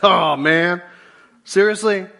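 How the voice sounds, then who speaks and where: A middle-aged man preaching a sermon as a pastor, in a relaxed conversational way with lively asides. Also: high voice, slow, gravelly.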